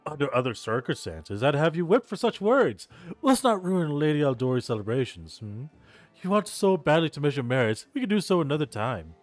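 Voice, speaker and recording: A condescending nobleman, bored and full of his own lineage, who tosses off his lines with a sneer, as a man reads him from a fantasy game. His voice sits a little high and moves around a lot, and it is recorded dry with faint music behind. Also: sing-song, brisk, dry recording. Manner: offhand and sneering. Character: bored, arrogant male baron, condescending. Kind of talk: reading game dialogue aloud.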